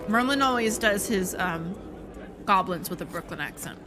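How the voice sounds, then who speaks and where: A woman's voice: mid-range voice, animated, normal speed, background noise. Chatty joking woman streamer. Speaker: game streamer. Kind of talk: casual gameplay commentary.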